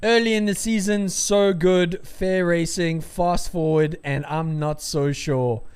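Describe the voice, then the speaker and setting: Excitable male race-stream commentator, high voice, rambling, prone to loud cheering bursts. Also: slow, clean tone. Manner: rambling, hedging with fillers.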